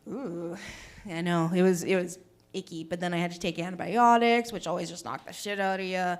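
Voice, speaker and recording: A woman's voice: fairly low pitch, fairly even intonation, brisk. A woman doing a stand-up comedy set on a small stage, bubbly and chatty as she talks with the audience. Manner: bubbly, chatty, works the crowd. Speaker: stand-up comic.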